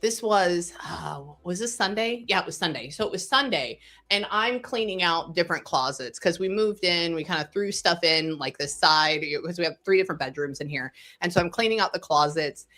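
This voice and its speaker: A middle-aged psychic medium with a somewhat low voice tells stories in a casual interview. She is animated and laughs often, swinging between excited bursts and hushed asides, and she swears when she gets worked up.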